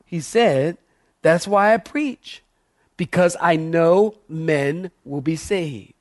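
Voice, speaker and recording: A male pastor preaching a sermon in church, animated and calling out to the congregation for responses. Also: fairly high pitch, slow.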